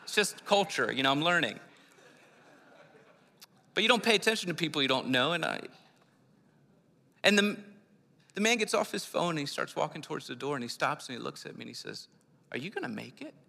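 A man's voice: on the high side, lively intonation, brisk, vocal fry, pauses often, sharp tone. A man from Philadelphia preaching a sermon, telling his own testimony in an earnest, conversational way. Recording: long hall reverb.

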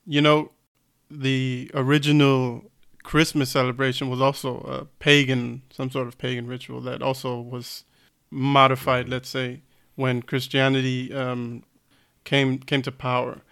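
A man's voice: mid-range voice, flat delivery, a little slow, creaky, a bit bright, clean tone. A man co-hosting a casual podcast chat, reading facts aloud with fillers and self-corrections. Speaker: podcast co-host.

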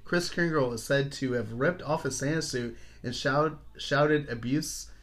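A man's voice: medium pitch, measured pace, fairly bright tone. A man hosting a casual podcast, loosely reading out odd news stories with swearing and jokes. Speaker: podcast host.

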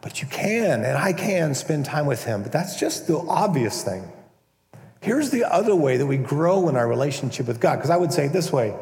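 Animated pastor in an echoey hall. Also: male voice, a little high, normal speed. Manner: conversational, animated, acts out prayers in a mock-pompous voice. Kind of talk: sermon. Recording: echoey hall, long reverb.

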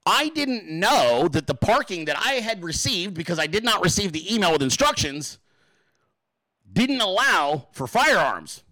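Animated, foul-mouthed male storyteller. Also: high voice, unhurried, no echo, poor audio. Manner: animated, crude, keeps asking "okay?". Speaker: podcast host. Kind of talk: profane storytelling monologue.

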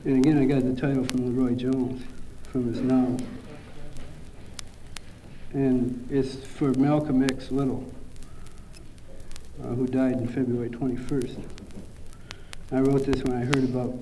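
A man, a poet, who introduces his poem quickly and offhandedly, then reads it slowly and heavily. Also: mid-range voice, flat delivery, dark tone, a little hiss or hum, poor audio. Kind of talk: poetry reading with spoken introduction.

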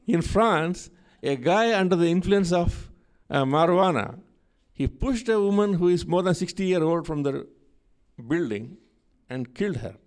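A man's voice: a little high, lively intonation, unhurried, pauses often, darkish tone. A man preaching a sermon, telling a scripture story and repeating key phrases for emphasis.

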